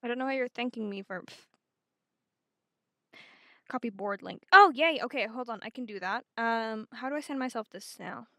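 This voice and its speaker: A woman's voice: on the high side, normal speed, creaky, long pauses, a bit bright, no echo, studio quality. A young woman streaming, chatting casually with her viewers while fumbling through her setup in a self-mocking, scatterbrained way. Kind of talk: casual live-stream chat.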